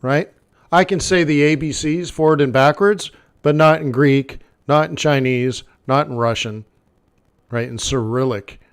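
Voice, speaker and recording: Chatty male forex coach, slightly high voice. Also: unhurried, clean tone. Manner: conversational, repeats phrases, many "okay" and "like" fillers; blunt, talks straight to the viewer. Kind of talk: live trading session commentary.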